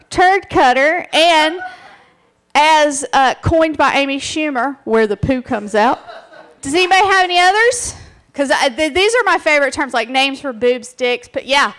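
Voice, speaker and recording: Woman comic presenter with a high voice, playful and crude, banters with a bar crowd. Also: expressive, a little slow, fairly bright tone. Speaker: presenter at a live bar show. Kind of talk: comic stand-up talk. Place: bar stage with live audience.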